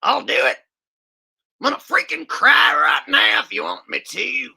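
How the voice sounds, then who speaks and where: A man doing a comedic impression of a ranting, gravelly male conspiracy show host who shouts and fake-sobs. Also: extremely high pitch, very animated, a little slow, pitched above the performer's own voice, exaggerated voice. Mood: sobbing. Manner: bellowing, exaggerated fake crying.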